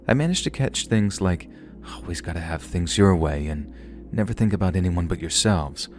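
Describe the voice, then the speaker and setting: A man narrating a horror story in a calm, steady storytelling voice. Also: low-pitched.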